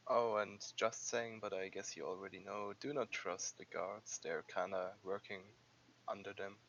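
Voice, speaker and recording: A man's voice: lowish voice, fairly even intonation, moderate pace, gravelly, fairly bright tone, slight background noise. A man playing a tabletop role-playing game, talking hesitantly with stumbling restarts. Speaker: player. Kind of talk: tabletop role-play, in and out of character. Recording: dull audio with faint music.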